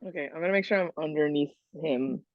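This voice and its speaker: A woman playing a tabletop game, speaking gently and searchingly with frequent restarts. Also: sits low, quick pace, highs cut off. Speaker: player. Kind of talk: casual tabletop play.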